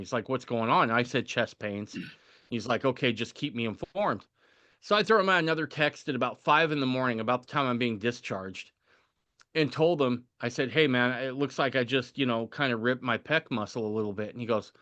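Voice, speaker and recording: A male podcast host with a bright, forward voice. He tells stories casually and with animation, keeps checking in with his listener, and sits at a middle pitch. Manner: animated, often tags sentences with "right?". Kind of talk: casual storytelling.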